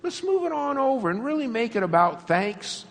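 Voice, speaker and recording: A man preaching in a church hall, his voice sitting high and swinging widely in pitch. He tells stories with lots of laughter and acts out the characters. The sound carries a long, lingering reverb from the big room. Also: normal speed. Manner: animated, laughing storyteller acting out scenes. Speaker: pastor. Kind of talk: sermon.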